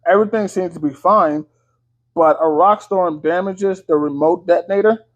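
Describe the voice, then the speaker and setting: Male vlogger, higher pitch, casual profane movie recap, filler-heavy, muffled lo-fi sound. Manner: loose, slangy, full of fillers and swearing. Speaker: movie reviewer. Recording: dull lo-fi audio.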